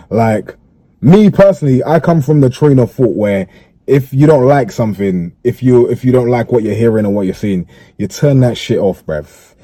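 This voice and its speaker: A man's voice: fairly low pitch, mellow, husky, no echo. A man talking casually in an interview, laid-back and full of slang, often checking that he is understood. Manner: laid-back, peppers speech with slang and "you get me" checks. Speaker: interviewee in a played clip.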